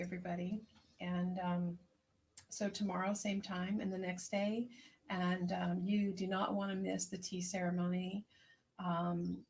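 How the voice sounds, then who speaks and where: Gentle prayerful woman with a gravelly voice. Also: lowish voice. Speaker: herbalist hosting an online tea circle. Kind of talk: reflective spoken meditation and chat reading.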